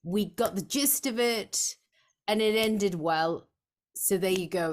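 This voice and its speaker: Chatty, excitable woman on a video call. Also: medium pitch, takes it slowly. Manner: enthusiastic, laughing, repeats herself. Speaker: play reading participant. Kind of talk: casual chat on a video call.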